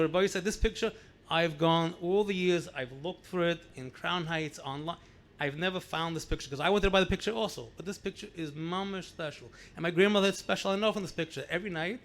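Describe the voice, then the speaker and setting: A middle-aged man, a rabbi, telling family stories in a lively anecdotal way, repeating words for emphasis. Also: high voice. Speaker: rabbi sharing memories at a gathering. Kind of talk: storytelling speech.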